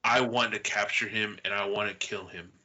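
A snarling, vengeful bearded townsman, put on by a man running the game. He spits profane threats in a low, bitter voice. The audio is slightly dull and muffled. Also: steady tone, moderate pace, bright, forceful tone. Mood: furious.

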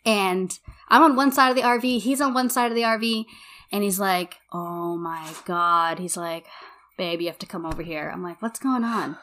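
Bright-voiced young woman telling a story. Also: medium pitch, normal speed. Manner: animated storyteller, acts out quotes, says "like" a lot. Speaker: podcast co-host. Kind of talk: casual chat.

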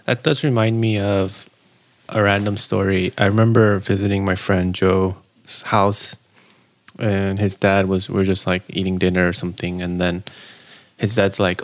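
A young man co-hosting a podcast, talking in a relaxed, rambling way with frequent restarts. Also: deep voice, measured pace. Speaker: podcast co-host. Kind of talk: casual chat.

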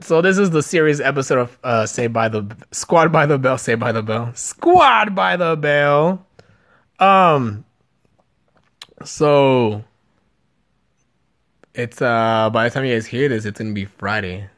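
A man's voice: medium pitch, unhurried, pauses often, a bit bright. A man in his twenties from California hosting a casual podcast chat, loose and full of fillers and swearing. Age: 20s. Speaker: podcast host.

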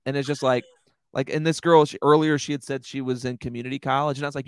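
A man's voice: medium pitch, steady tone, fast talker, smooth, no room sound. Young comedian guy rambling through a story, swears a lot, dry close sound. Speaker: stand-up comedian. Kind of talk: casual podcast chat.

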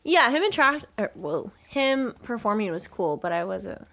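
A woman's voice: medium pitch, big pitch swings, moderate pace, gravelly, fairly bright tone. A young woman in her twenties, co-hosting a casual chat, playful and giggly with lots of "like" fillers.

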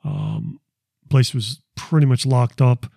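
A man with a gravelly, rough edge to his voice talks through his recordings in a loose, rambling way, often repeating words and restarting his sentences. His tone is dark and mellow. The sound is dry and close, with no room around it. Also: mid-range voice, huge pitch swings, takes it slowly, no echo. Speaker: paranormal investigator presenting recordings. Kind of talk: casual explanatory talk.

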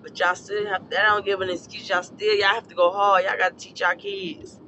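A man with a hoarse, scorched throat, giving a blunt, profane and preachy casual rant as a podcast host. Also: sits high, little pitch movement, normal speed, sharp tone, a little hiss or hum, low-quality recording.

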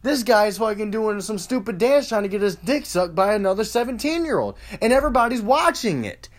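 A man's voice: high voice, big pitch swings, a little fast. A man hosting a solo podcast, ranting in a rambling, profane and sarcastic way. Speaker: podcast host.

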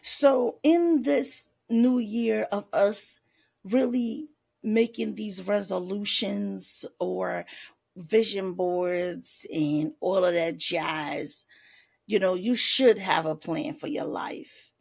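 A woman's voice: medium pitch, takes it slowly, vocal fry, darkish tone, breathy edge. A woman life coach giving faith-based advice in a sassy, playful podcast talk, tossing in pet names and laughing often.

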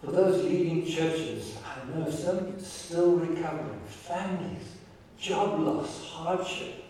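A man preaching a sermon as pastor, telling stories in a warm, emotional way with halting restarts and repeated words. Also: fairly high pitch, slight background noise. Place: large church hall. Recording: echoey hall, voice from far off.

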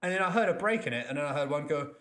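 Halting man with a higher voice. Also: animated, pushed and bright. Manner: halting, searching for words. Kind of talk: casual chat.

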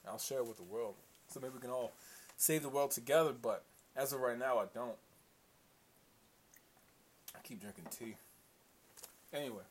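A man's voice: mid-range voice, moderate pace, pauses often. A man hosting a casual solo commentary show, profane, rambling and opinionated. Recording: faint hiss.

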